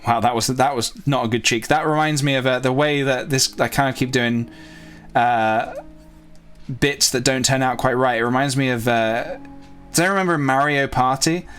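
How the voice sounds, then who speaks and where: A man's voice: medium pitch, normal speed, fairly bright tone, clean tone, soft background music. A man chatting casually to viewers while drawing, rambling and self-talking with playful asides. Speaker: youtuber drawing on stream.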